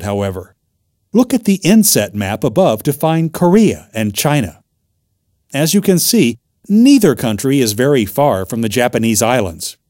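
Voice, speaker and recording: A man reading a textbook chapter aloud in a clear, measured narration. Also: mid-range voice, darkish tone, no echo, clean studio sound.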